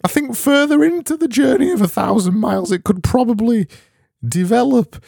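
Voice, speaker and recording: A squeaky, shrill falsetto rambler, put on by a man, fussing over simple things in a winding, musing way. The voice sits far above a man's normal range and stays close and dry. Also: moderate pace, vocal fry, darkish tone, no room sound, heavily acted. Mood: fussy musing.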